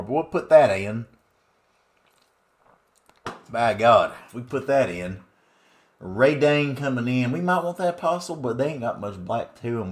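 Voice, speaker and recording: A man voicing a loud, folksy rural Southern man with a put-on Southern US accent, drawling and hollering through gameplay commentary. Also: mid-range voice, close to an everyday voice. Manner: drawling, hollering, swearing exclamations. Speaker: card game streamer.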